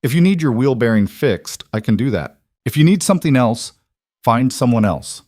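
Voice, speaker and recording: A man's voice: mid-range voice, lively intonation, moderate pace, a little mellow, no echo, studio quality, voice pushed up, close to an everyday voice. A man playing a tired, protective single father and mechanic who talks in a blunt, guarded way, in audiobook narration.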